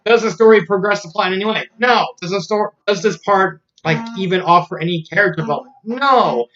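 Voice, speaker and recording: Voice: mid-range voice, fairly quick, a bit bright. Rambling fan-fiction reviewer, lo-fi. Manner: rambling, with frequent restarts and laughter. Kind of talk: casual spoken review.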